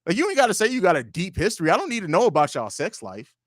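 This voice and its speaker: Rapid-fire and full of huge pitch swings, a young man hosts a casual fan stream from his home studio. He reads out viewer comments and trash-talks with plenty of swearing, going from loud bursts to low mumbles, with no room sound.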